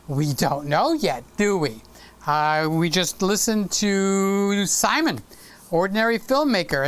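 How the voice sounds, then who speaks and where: Chatty male host with a smooth voice. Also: high voice, a bit bright. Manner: chatty, teasing and affectionate with viewers. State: sore throat. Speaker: live-stream host. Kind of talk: casual live-stream chat. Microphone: desk microphone.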